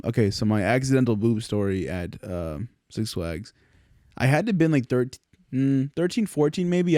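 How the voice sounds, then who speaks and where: Mellow, laid-back young man. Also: lowish voice, no room sound, studio quality. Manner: laid-back, laughs along, swears casually. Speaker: podcast co-host. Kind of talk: casual chat.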